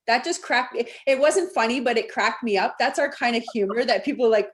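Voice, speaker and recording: A woman's voice: high-pitched, animated, fast talker. A woman hosting a Q&A over a video call, chatty and enthusiastic. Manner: chatty, enthusiastic, laughs along. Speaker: Q&A host.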